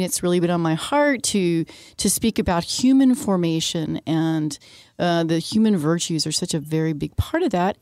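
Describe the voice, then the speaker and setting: A woman's voice: on the low side, a little mellow, no echo, clean studio sound. A woman hosting a faith radio talk show, chatty and enthusiastic, with a lot of fillers. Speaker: radio host.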